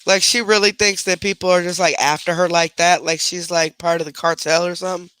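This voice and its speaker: A man's voice: high-pitched, fairly even intonation, fairly quick, background noise. A man giving reaction commentary on a clip, talking in a scornful, sarcastic way.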